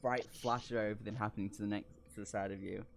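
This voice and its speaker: A man's voice: lowish voice, fairly even intonation, very fast, creaky, a little hiss or hum. A man narrating a tabletop horror game as game master, describing scenes with lots of filler words.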